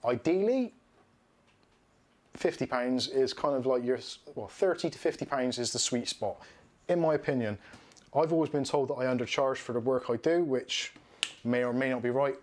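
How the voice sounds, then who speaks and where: A man's voice: medium pitch, normal speed, darkish tone. A man, hosting a casual livestream while building a computer. He talks frankly, in a chatty way, and laughs often. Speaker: streamer building a PC.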